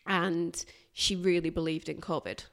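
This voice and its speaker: A woman, a guest recounting a hard workplace experience in a candid, animated way. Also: lowish voice, unhurried, creaky. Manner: animated, emphatic retelling with bursts of loudness. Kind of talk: candid personal storytelling.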